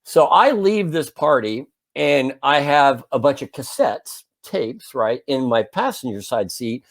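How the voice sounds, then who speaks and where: A man in his fifties casually telling a long anecdote as a podcast co-host, animated and full of restarts. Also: mid-range voice, measured pace. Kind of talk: casual storytelling chat.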